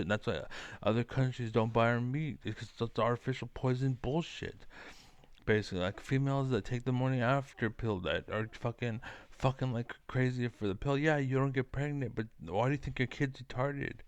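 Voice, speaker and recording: A man's voice: mid-range voice, dry recording. A man giving a rambling, profane, combative monologue to camera as a vlogger.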